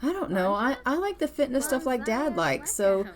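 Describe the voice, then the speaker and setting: A woman's voice: high voice, big pitch swings, moderate pace, crowd noise, voice pushed up. Woman doing an unsure teenage boy. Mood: hesitant. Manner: hesitant, stammering.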